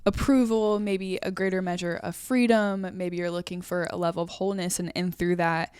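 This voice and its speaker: Low-voiced woman co-hosting a podcast, dry sound. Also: fairly even intonation, normal speed, a little mellow, smooth, dry recording. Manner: thoughtful, asks questions, uses "like" often. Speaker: podcast co-host. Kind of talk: casual podcast conversation.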